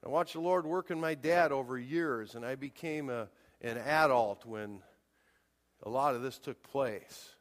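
A man's voice: mid-range voice, unhurried. A man in his forties preaching a sermon, emphatic and pushing hard on his key points. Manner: emphatic, rising to near-shouts on key points. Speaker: pastor. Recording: long hall reverb.

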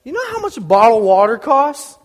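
Joking young preacher in a reverberant hall. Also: male voice, very high-pitched, very animated, a little fast. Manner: casual, joking storyteller acting out little scenes. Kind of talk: informal sermon.

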